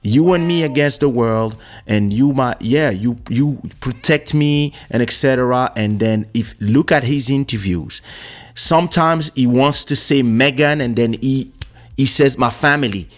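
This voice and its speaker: A man's voice: mid-range voice, measured pace. A man hosting a podcast, talking casually and telling a personal story, acting out the voices of the people in it. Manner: animated storyteller who acts out voices in quotes. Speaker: podcast host and musician. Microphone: studio podcast microphone.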